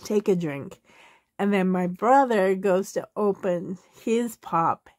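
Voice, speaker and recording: A woman's voice: mid-range voice, takes it slowly, a little mellow, no room sound, studio quality. A woman in her forties from Canada, casually telling family stories in a rambling way and laughing through them. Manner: loose and rambling, many fillers. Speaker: vlogger answering a tag video. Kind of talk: casual storytelling.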